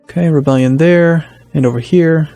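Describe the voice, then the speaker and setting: A man casually commenting on his strategy game as a let's play host, thinking aloud with hesitant restarts and sudden bursts of excitement. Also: a little high, normal speed, faint music behind.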